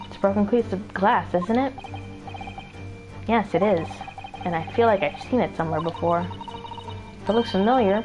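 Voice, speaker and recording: A woman's voice: fairly low pitch, muffled recording, lightly acted. A woman voicing an earnest young male lawyer who thinks his case through aloud. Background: game music.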